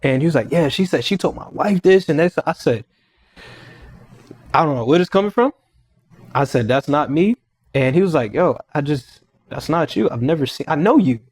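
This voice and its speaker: A young podcast guest, male, tells a personal story in a loose, lively way, quoting what people said and repeating himself. His voice sits a little high with a breathy edge, moving at normal speed but broken by long pauses. The recording is dry.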